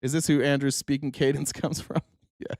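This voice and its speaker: A man hosting a casual political commentary show, sarcastic and profane with quick asides. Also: mid-range voice, little pitch movement, darkish tone, no echo, clean studio sound. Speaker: host.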